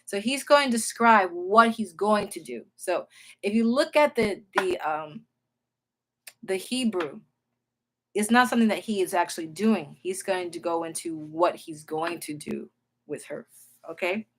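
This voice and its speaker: A woman with a medium-pitched, fairly bright voice and lively intonation gives an informal Bible teaching at a measured pace, with a little hiss or hum in the audio. She's emphatic and keeps checking in with listeners: "okay?" and "all right?"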